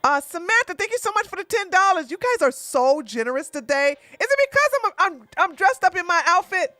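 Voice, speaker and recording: A woman's voice: very high-pitched, sing-song, a little fast, bright, forceful tone, no room sound. A woman hosting a casual livestream, chatty and exclamatory, thanking viewers by name. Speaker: livestream host.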